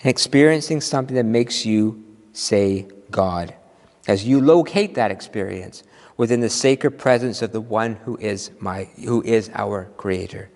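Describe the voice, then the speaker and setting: A man preaching a sermon as minister, playful and animated, drawing out his exclamations slowly for effect. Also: lowish voice. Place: church sanctuary. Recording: long hall reverb.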